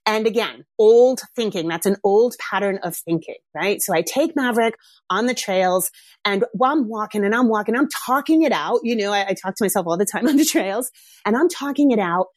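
A middle-aged woman shares a personal story in a candid, reflective way. She talks casually and becomes animated when she acts out her own thoughts. Her voice sits at an ordinary pitch in a dry, close recording. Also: fairly quick, dry recording.

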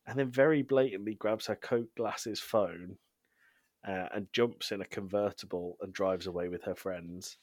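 A man co-hosting a podcast, casually recapping a TV episode with frequent ums and quick laughs. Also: lowish voice, steady tone, dry recording. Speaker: podcast co-host.

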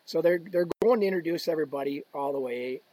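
A man telling a story on a podcast as a guest, animated, swearing often and acting out what people said. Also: on the high side, fast, low-quality recording. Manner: animated, swearing, acts out quotes. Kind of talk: casual storytelling.

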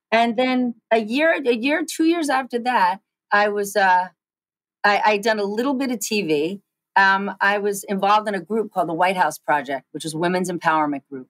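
A woman in her forties, a guest in an interview, telling quick animated stories with frequent restarts. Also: mid-range voice, no room sound, low-quality recording. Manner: animated, fast storytelling with many restarts. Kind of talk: storytelling interview chat.

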